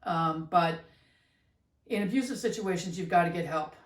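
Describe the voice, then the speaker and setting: A middle-aged woman with a somewhat low voice explains things in a reflective, conversational way. She sits a bit back from the microphone, and the room around her sounds roomy and echoey. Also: moderate pace. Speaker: podcast co-host, mother. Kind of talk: casual conversation. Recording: roomy, distant from the mic.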